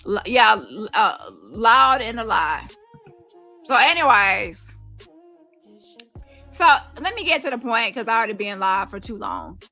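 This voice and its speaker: A woman hosting a casual livestream, talking to her viewers in a blunt, gossipy way. Her voice is bright and a little high, and faint music plays underneath. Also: big pitch swings, measured pace, long pauses. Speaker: livestream host.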